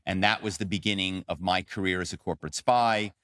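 A middle-aged man, a guest on an interview show, telling his story in an animated, conversational way with many fillers. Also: deep voice, fairly quick, no echo, studio quality. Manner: animated storyteller, frequent "um" and "you know". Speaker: podcast guest, author and former corporate spy.

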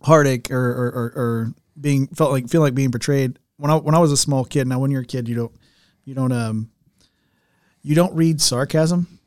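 A man's voice: medium pitch, normal speed, darkish tone, no echo, studio quality. A man hosting a podcast, telling a family story in a loose, rambling way with many restarts and laughs. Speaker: podcast host. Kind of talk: casual chat and news reading.

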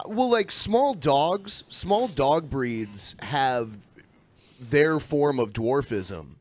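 A man of middle pitch argues on a debate panel, halting and repeating himself before rushing through his points. His delivery is loose and conversational. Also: lively intonation. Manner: halting, repeats words, rushes when pressed. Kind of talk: argumentative discussion.

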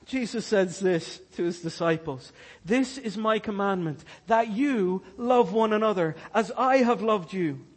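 A pastor preaching a sermon in a church, swinging from hushed, slow words to loud, soaring ones. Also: male voice, high-pitched, husky.

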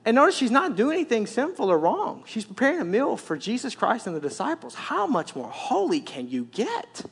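A man pastor preaching a sermon, telling the story in an animated way with repetitive, emphatic phrasing. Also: extremely high pitch, a little fast, gravelly, husky.

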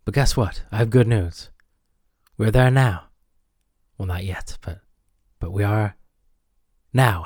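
A man's voice: lowish voice, slow pace, long pauses, darkish tone, no echo, studio quality. A man hosting a radio show, rambling and self-deprecating in comic banter with his listeners. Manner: self-deprecating, chatty, talks to the audience.

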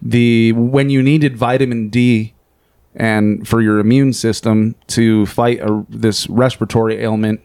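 A man's voice: fairly low pitch, level tone, measured pace, darkish tone, clean tone. A man hosting a podcast, agreeable and steering the casual chat. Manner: agreeable, steers the talk, chimes in. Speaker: podcast host.

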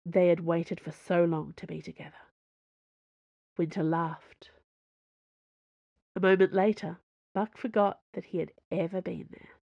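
A woman narrating a romance novel in a measured, expressive reading. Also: fairly low pitch, gravelly, no room sound, lo-fi sound. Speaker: audiobook narrator. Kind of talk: scripted narration.

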